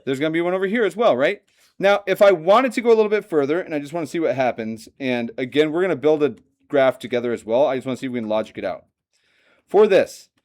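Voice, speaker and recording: A man teaching a math lesson to a classroom, lively and joking, often asking the students questions. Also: on the high side. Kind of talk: classroom lecture.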